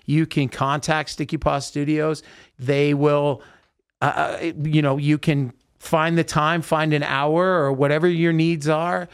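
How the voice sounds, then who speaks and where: Male podcast host, slightly higher voice, acts out quotes in casual studio storytelling. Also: unhurried, clean tone. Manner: animated storyteller acting out quotes.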